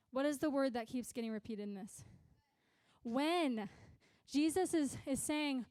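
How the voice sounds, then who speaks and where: Young woman youth pastor, high voice, dry close sound, casual animated preaching. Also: measured pace, dry recording. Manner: chatty, animated storytelling with filler "like" and "right?". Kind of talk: youth sermon.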